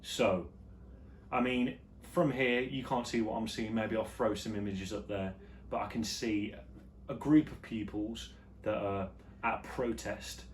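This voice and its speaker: A man hosting his own vlog show, chatting casually and jokily about the news, his voice jumping between loud and quiet. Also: fairly low pitch, steady tone, measured pace, a little hiss or hum. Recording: echoey room with faint ambience.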